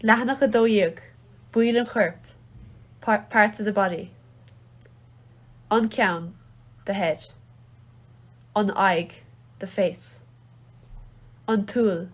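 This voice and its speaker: A woman's voice: mid-range voice, slow, pauses often. A woman with a Kerry Irish accent reading Irish words and phrases aloud, each followed by its English translation. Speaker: language teacher reading a phrasebook. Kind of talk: slow read-aloud phrase lesson.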